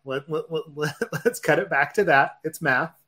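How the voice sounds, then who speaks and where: A man co-hosting a tech podcast, explaining in a measured way and often checking in with "right?". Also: a little high, sharp tone. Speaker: podcast co-host. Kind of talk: casual tech podcast chat.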